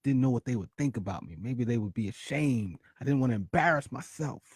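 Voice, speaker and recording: A man hosting a talk show, telling a personal story with dramatic swings between loud excitement and hushed confession. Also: medium pitch, a little fast, husky, no room sound, studio quality. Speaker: podcast host.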